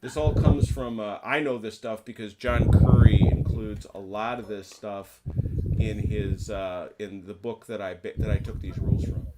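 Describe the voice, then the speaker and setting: A man's voice: fairly low pitch, fairly even intonation, moderate pace, very noisy. A man running an online naval wargame as umpire, chatting casually in a folksy, playful way with jokey exclamations. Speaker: game umpire.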